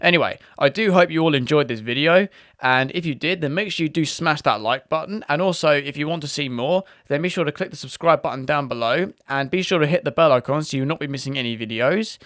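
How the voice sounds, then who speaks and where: A British man chatting casually as a video host, rambling and restarting his sentences. His voice sits a little high for a man, recorded close and dry with no room sound. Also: brisk, a bit bright, dry recording. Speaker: YouTube host. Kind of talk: casual commentary.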